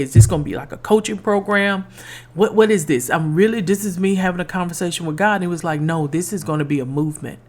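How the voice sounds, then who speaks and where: A middle-aged woman hosting a podcast, telling a personal faith story in an earnest, testimonial way and repeating lines for emphasis. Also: lowish voice. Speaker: podcast host.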